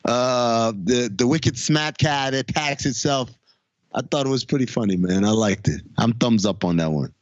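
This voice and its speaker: A man's voice: medium pitch, normal speed, no echo, dull audio. A man hosting a casual podcast chat, leading the segments in a blunt, joking way. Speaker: podcast host.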